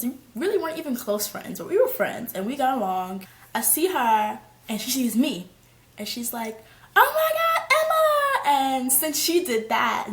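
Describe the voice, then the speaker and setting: Young woman vlogging a storytime, slangy and animated, kinda echoey room. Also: medium pitch. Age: young adult. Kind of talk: storytime vlog.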